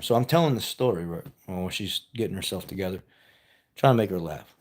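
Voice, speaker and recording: A man's voice: low-pitched, animated, brisk. A man telling a personal story in a casual, rambling way, repeating himself and chuckling as he goes. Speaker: vlogger.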